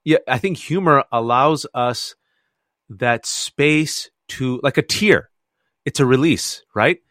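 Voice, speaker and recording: A man in the guest chair of a radio interview, spinning animated stories and laughing often. His voice sits at an ordinary pitch and is recorded close and dry, with no room sound around it. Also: slow, no room sound. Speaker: author and guest.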